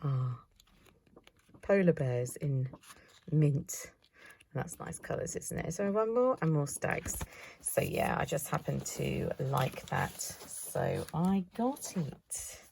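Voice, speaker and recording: Low, gravelly woman chatting crafts. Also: very animated, slow, a little mellow, slight background noise. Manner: chatty, thinks aloud, self-mocking asides. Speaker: craft vlogger. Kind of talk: casual chatty haul video.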